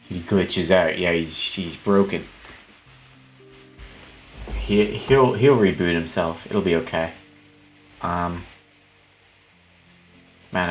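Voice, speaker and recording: A man streaming a video game, chatting in a profane, jokey, rambling way. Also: low-pitched. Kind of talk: casual let's play commentary.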